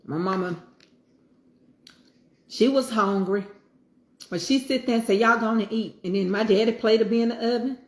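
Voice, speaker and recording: A woman's voice: a little high, normal speed, long pauses, darkish tone, reverberant. Folksy woman talking over a meal. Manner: folksy Southern talk, preachy asides. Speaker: home cooking vlogger. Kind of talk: casual chat while eating.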